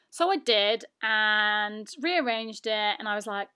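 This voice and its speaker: A woman's voice: mid-range voice, normal speed, few pauses, pushed and bright, clean tone. A young woman with a British accent, hosting a casual solo podcast in a chatty, self-mocking way with lots of fillers. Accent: British English. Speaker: podcast host.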